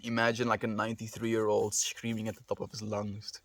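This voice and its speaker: A South African man hosts a relaxed live stream, reading messages aloud and answering each viewer with gentle affection. His voice sits a little low and comes across dry and close, with no room around it. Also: brisk, few pauses, dry recording. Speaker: livestreamer.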